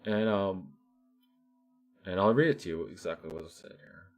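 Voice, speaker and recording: A man's voice: deep voice, expressive, normal speed. A man vlogger giving casual, rambling commentary with many restarts and fillers.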